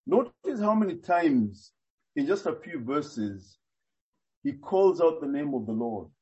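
A man preaching a sermon, expounding earnestly and deliberately, with frequent hesitations. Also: on the high side, very animated, a little mellow, muffled recording.

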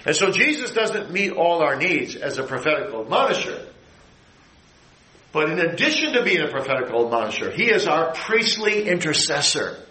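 A middle-aged man preaching a sermon, building his phrases to emphatic high peaks and then dropping low. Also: sing-song, moderate pace, sharp tone, roomy sound, low-quality recording.

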